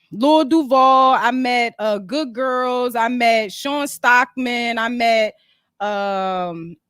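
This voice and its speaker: High-voiced Philly woman rambling casually. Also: no room sound, studio quality. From Philadelphia. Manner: rambling, easily sidetracked, animated. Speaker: host. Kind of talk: casual livestream chat.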